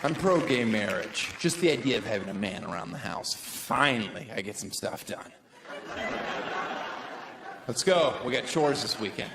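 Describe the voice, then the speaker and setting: A man's voice: mid-range voice, animated, normal speed, gravelly, crowd noise, background noise. A man doing stand-up comedy live on stage into a handheld mic, with a sarcastic, punchy and playful delivery. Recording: roomy live room with loud audience.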